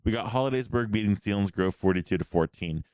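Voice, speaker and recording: A man hosting a casual sports podcast, quickly rattling off game scores in a rambling way. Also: on the low side, a little mellow, smooth, no echo, clean studio sound. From Pennsylvania. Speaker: host.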